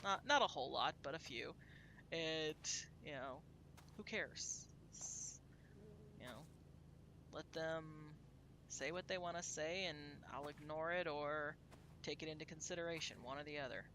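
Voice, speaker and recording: A woman's voice: low voice, measured pace, a bit bright, slight background noise. A woman from Texas, chatting casually to her viewers while she plays a game, rambling and laughing often. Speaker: game streamer.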